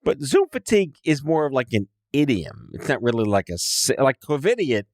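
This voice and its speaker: A man's voice: mid-range voice, big pitch swings, normal speed, darkish tone, dry recording, studio quality. A man co-hosting a podcast in casual chat, cracking jokes and slipping into silly voices. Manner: joking, puts on silly voices. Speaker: podcast co-host.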